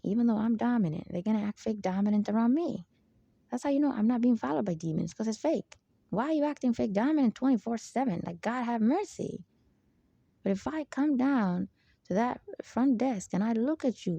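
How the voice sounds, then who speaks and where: Dark, gravelly-voiced woman monologuing. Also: a little high, animated, moderate pace, no room sound, muffled recording. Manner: emphatic, digressive, frequent "there you go". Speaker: channel host. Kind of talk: rambling spiritual monologue.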